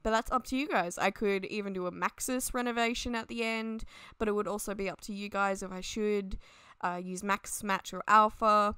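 A woman's voice: mid-range voice, steady tone, normal speed, pushed and bright, smooth, dry recording, studio quality. A young woman chatting and rambling casually at her desk at home as she talks over a game speed build, laughing often. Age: young adult. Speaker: Sims 4 builder and YouTuber.

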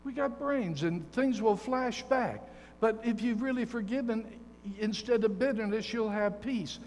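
Preaching as a guest, this older man speaks in a notably high, darkish-toned voice at a measured pace, weaving anecdotes and humor into a firm, emphatic, folksy appeal to the congregation. A long reverb carries his voice across the sanctuary, with slight background noise underneath.

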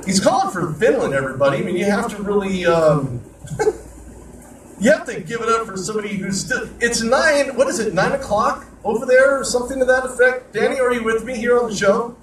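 A man hosting a sports talk radio show, rambling in an animated way between topics. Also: extremely high pitch, fairly quick, echoey room, recorded from a distance, a little hiss or hum, rough recording. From Southern California. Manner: rambling, animated host patter.

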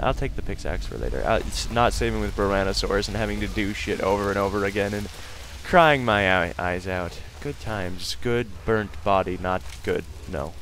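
A young man giving casual let's-play commentary, excitable and silly, breaking into sudden loud outbursts and laughs. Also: lowish voice, slight background noise. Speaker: gaming video host.

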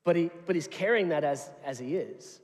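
A male pastor preaching a sermon in a church, telling stories in an animated, humorous way. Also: a little high, normal speed. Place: church sanctuary. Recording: long reverb of a large hall.

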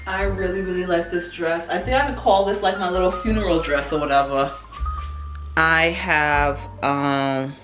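A woman in her thirties telling a dating story to her viewers in a casual, animated way, often calling out to them as y'all. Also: low voice, poor audio. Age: 30s. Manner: animated, exclaiming, mimics others, addresses viewers as y'all. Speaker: vlogger. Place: home kitchen.

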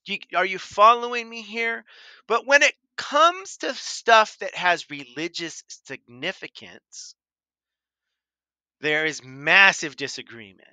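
A man's voice: high voice, expressive, takes it slowly, sharp tone, dry recording. A man hosting a critical commentary video, arguing emphatically, repeating his points and addressing his opponent directly. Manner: emphatic and repetitive. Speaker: commentary channel host.

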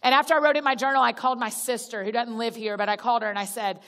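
A woman with a somewhat high voice gives a chatty sermon to a church crowd, calling them y'all and acting out small prayers in a natural way. Her voice carries a long reverb from a large church auditorium. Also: fairly even intonation, racing, fairly bright tone. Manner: chatty, direct, addresses listeners as y'all; restarts sentences and acts out little prayers. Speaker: guest speaker at a church gathering. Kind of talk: conversational sermon.

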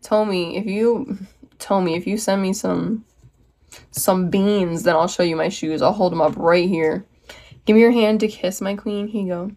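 Brief: young American woman, bubbly livestream host, mid-pitched voice, chats with her viewers. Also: steady tone, normal speed, a little mellow. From United States. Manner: bubbly, reads viewer comments aloud and answers them. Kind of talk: casual livestream chat.

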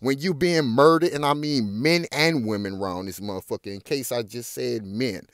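A man's voice: mid-range voice, normal speed, no room sound, clean studio sound. A man hosting his own news commentary, reading articles aloud and breaking into heated, profane outbursts while calling his viewers "y'all". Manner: addresses viewers as "y'all" in a colloquial drawl. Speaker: host reacting to news.

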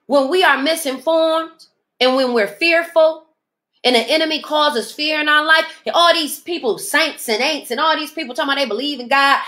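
A woman's voice: sits high, moderate pace, bright, forceful tone. A woman hosting a podcast, delivering an emphatic, preachy motivational monologue. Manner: emphatic, preachy, speaks in dialect, mimics others in asides. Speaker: podcast host.

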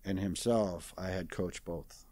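Speaking low and unhurried with a warm tone, this sixty-something interview guest retells a story in a casual, plain-spoken way. The recording has no room sound. Folksy and peppered with "I says," his account has him voicing others' lines as quoted dialogue.

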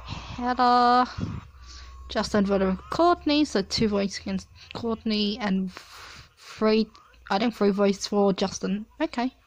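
A young woman chatting casually as she reads out results from a simulation game, with frequent excited exclamations. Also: medium pitch, takes it slowly. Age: young adult. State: coughing at times. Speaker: player reading a simulator. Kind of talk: casual play-along commentary.

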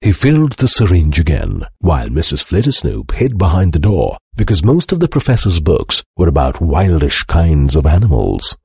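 A man reading a children's storybook aloud with animated, expressive narration. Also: extremely low pitch, normal speed, creaky, hardly any pauses, slightly rough, no echo, studio quality. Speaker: storybook reader.

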